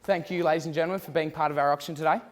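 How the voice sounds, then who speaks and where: A man with a high voice works the room as auctioneer, pressing the crowd for bids again and again. His voice rings out with a long hall reverb. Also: fairly even intonation, rapid-fire. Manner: theatrical, repetitive bid calling. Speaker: student auctioneer. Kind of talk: mock auction calling.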